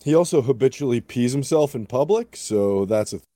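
A man on a podcast chat, blunt and deadpan. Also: mid-range voice, brisk, dry recording, clean studio sound. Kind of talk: casual chat.

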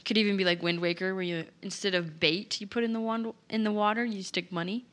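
A woman playing a tabletop game, rambling excitedly. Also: mid-range voice, fast. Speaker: player. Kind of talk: casual tabletop play.

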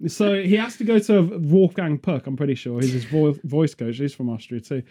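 A man's voice: on the high side, moderate pace, warm tone. A man chatting casually outdoors in a field, rambling off on jokey tangents. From England. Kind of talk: casual chat.

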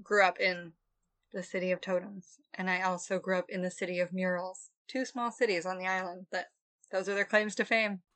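A woman's voice: lowish voice, flat delivery, fairly quick, fairly bright tone. A woman from Canada co-hosting a podcast, teasing her co-host and laughing easily in casual true-crime chat.

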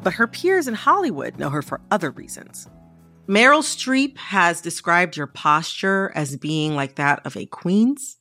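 Lively-voiced woman host. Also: on the low side, measured pace, faint music behind. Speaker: podcast host. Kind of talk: interview and scripted narration.

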